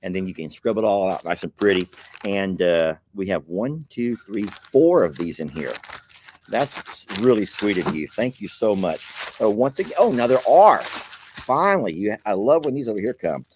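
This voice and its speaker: A man's voice: on the low side, animated, moderate pace, darkish tone, slight background noise. A man, chuckling and grateful as he hosts a casual chat, reading viewer mail aloud. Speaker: channel host opening viewer mail.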